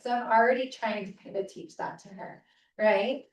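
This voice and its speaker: A woman's voice: fairly high pitch, steady tone, moderate pace. A woman presenting a parent seminar in a casual, conversational way, checking in often with the audience. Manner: casual, checks in with frequent "right?". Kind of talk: conversational teaching talk. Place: seminar room. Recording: roomy, distant mic.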